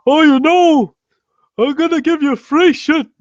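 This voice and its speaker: A man doing a squeaky, breathless impression of an excitable older male politician, breaking into giggles. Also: a little slow, no echo, highs cut off. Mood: mocking.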